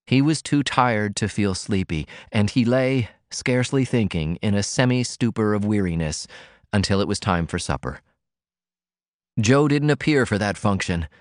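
A male narrator reads a novel aloud in a low, measured voice. The recording is close and dry, with no room sound at all. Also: no room sound. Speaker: audiobook narrator. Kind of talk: scripted audiobook narration.

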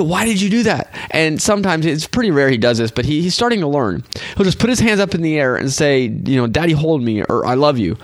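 Young male podcast host, animated, voice rises and falls a lot, dry close sound. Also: a little high, no echo. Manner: animated, acts out quoted voices. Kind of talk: casual faith talk.

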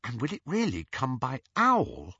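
A man's voice: wildly swooping pitch, unhurried, pushed and bright, slightly rough, no echo, exaggerated voice. A man reading an audiobook, voicing an earnest young witch girl in a raised, pleading voice. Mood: curious. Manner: pleading, emotional, higher voice. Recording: slightly dull, dry recording.

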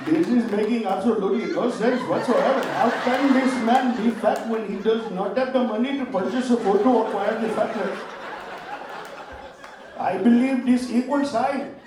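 A man voicing a flustered male mathematician who speaks in slow, broken, overly formal English on a live comedy stage. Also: very high voice, very echoey, recorded from a distance, noisy background.

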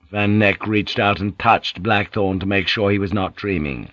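A man narrating an audiobook in a measured, descriptive reading. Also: on the low side, a bit bright, dry recording, lo-fi sound. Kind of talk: scripted narration.

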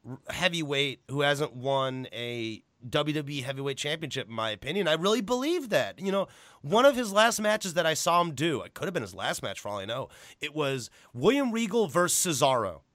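A man co-hosting a casual chat about wrestling, animated and profane. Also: on the high side, fairly quick, no room sound. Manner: animated, profane, breaks into impressions. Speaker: podcast co-host.

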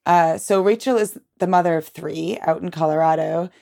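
A woman's voice: fairly low pitch, fairly even intonation, normal speed, vocal fry, mellow. A woman podcast host in casual chat, talking in a chatty way with many fillers and frequent laughs.

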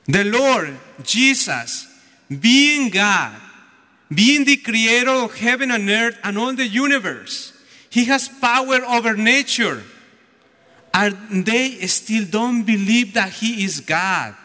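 A man's voice: high voice, lively intonation, slow pace, sharp tone. A man preaching a homily as a deacon, telling the story animatedly and acting out the voices. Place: church. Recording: echoey church hall.

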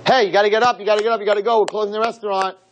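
A man's voice: high-pitched, flat delivery, rapid-fire, a little hiss or hum, voice pushed up, close to an everyday voice. A man voicing exasperated restaurant staff, insistent and raised.

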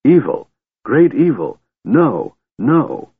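A sullen, evasive old man mumbles like a child, as a male reader puts him on. His voice sits higher than the reader's own and stays husky, and the recording is dry and tinny. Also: sing-song, slow pace, no room sound, exaggerated voice. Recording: tinny phone-like sound.

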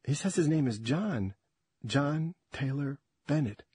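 A man doing a sharp-edged angry wife. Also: fairly high pitch, expressive, measured pace, breathy edge, no echo, studio quality, exaggerated voice. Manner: sharp, demanding, raised voice. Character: sharp-tongued middle-aged wife on a phone line.

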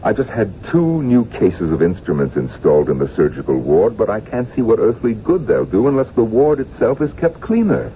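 Radio play: low-voiced gentle doctor, apologetic and weary,, voice rising and falling widely, tinny broadcast with hiss. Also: male voice, very animated, moderate pace, few pauses. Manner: soft-spoken, apologetic, melancholy. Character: weary, timid, gentle male town doctor. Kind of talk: 1970s radio drama acting.

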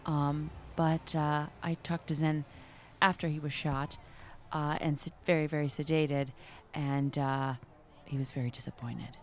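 A woman narrating and interviewing in a comedy radio-show parody, mock-serious and halting with fillers. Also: deep voice, little pitch movement, slight background noise.

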